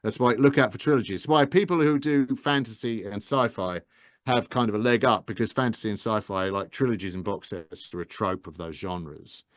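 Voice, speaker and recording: A man's voice: on the low side, normal speed, no echo, studio quality. A man, an audiobook narrator, giving enthusiastic, rambling advice in a casual interview, with many restarts.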